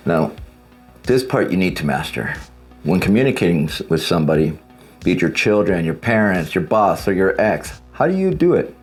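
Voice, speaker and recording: A man's voice: deep voice, very animated, normal speed, faint music behind. A man giving blunt, casual advice as a divorce coach, speaking straight to his viewers and swearing freely. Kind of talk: direct-to-camera advice talk.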